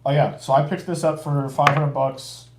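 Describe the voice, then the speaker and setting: A man with a slightly high voice tells stories slowly and easily, often trailing off mid-thought. His voice has a roomy echo around it. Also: flat delivery, vocal fry, heavy background noise. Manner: easygoing, drawn-out storytelling, trails off. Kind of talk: casual chat.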